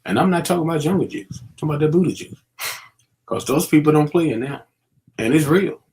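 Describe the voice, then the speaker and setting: A middle-aged man lectures young people in a casual commentary. His voice sits a little high for a man, and he leans on street slang and plenty of fillers as he warns them. The tone is preachy and streetwise. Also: lively intonation, quick pace, darkish tone. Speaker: vlogger.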